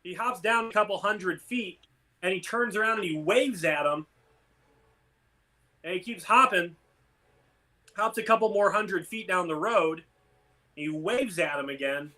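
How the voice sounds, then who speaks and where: A man's voice: sits high, pushed and bright. A man co-hosting a casual online game chat, telling long jokes in a rambling way full of fillers. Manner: rambling storyteller, many fillers. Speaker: podcast co-host.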